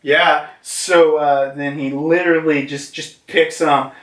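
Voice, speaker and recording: Slow, rambling man in an echoey room. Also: on the high side, flat delivery. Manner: rambling, full of fillers and restarts. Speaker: manga reviewer. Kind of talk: casual chapter review. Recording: echoey room, far from mic.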